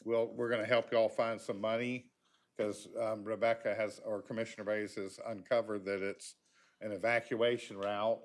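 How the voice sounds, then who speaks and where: A man's voice: lowish voice, little pitch movement, moderate pace. A man giving a folksy, chatty public comment at a county meeting, with frequent ums.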